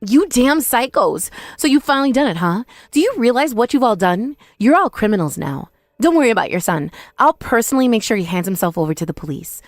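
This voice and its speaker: A woman's voice: fairly high pitch, big pitch swings, a little fast, dry recording, soft background music. A woman voicing a young ex-wife who angrily accuses her former in-laws, in a text-message story drama. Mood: accusing. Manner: accusing, scornful. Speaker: main character, ex-wife.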